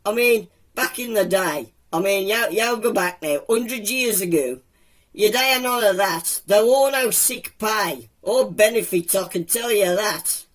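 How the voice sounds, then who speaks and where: A woman's voice: mid-range voice, animated, a little slow. A woman voicing a grumbling male womble creature with a Black Country accent, talking in a drawling, moaning comic monologue.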